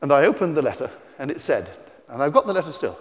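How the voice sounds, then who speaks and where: A man, a children's author, telling stories to a young audience in a theatrical, teasing way, shifting between shouts and hushed asides, recorded on a tie-clip mic at an indoor festival venue. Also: on the high side, very animated, fast. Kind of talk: live storytelling talk to children. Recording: reverberant hall.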